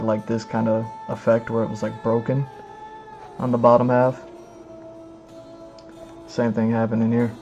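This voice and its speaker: A man streaming live as he reads comics aloud, rambling and filling every pause with "like" and "you know what I mean". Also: mid-range voice, warm tone. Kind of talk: casual live-stream commentary.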